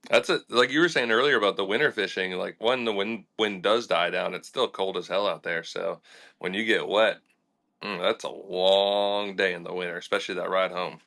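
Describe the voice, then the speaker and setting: A young adult man, a fishing charter captain telling animated stories in a casual podcast interview, laughing and acting out quotes. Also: sits low, moderate pace, vocal fry. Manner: animated and laughing, with lots of fillers and acted-out quotes.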